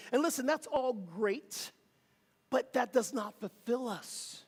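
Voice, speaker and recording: Minister preaching in a big echoey church, middle pitch, call and response with the crowd. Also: animated, takes it slowly, darkish tone, slightly rough. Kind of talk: sermon. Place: church sanctuary.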